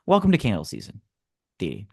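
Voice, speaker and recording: A man co-hosting a podcast in casual chat, easygoing, with lots of filler words and shout-out asides. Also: on the low side, wildly swooping pitch, a little fast, creaky, slightly rough, no room sound, studio quality. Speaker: podcast co-host.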